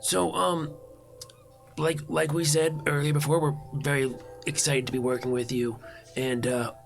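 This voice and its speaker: A man's voice: a little high, level tone, measured pace, vocal fry. A man playing a tabletop role-playing game, speaking casually and a bit hesitantly. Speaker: player. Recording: background music.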